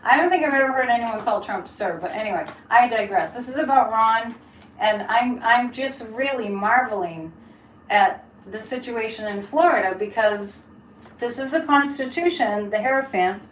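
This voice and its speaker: Woman doing a live tarot stream, kinda high voice, rambly and laughy, echoey room w faint hiss. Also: moderate pace. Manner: chatty, laughing, rambling asides to chat. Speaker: psychic reader hosting a live stream.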